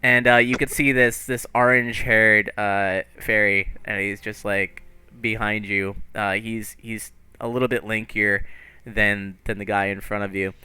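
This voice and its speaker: A man narrates as game master of a tabletop game, often stopping and restarting mid-sentence. His voice is bright and smooth. It is recorded dry on a close home mic. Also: lowish voice, level tone, dry recording, soft background music. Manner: halting, with many restarts and fillers.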